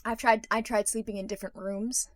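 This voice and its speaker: A woman co-hosting a podcast, telling stories in an animated, casual way with frequent swearing. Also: a little high, fairly quick, no room sound. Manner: animated storytelling with frequent profanity and laughter. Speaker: podcast co-host. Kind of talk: casual chat.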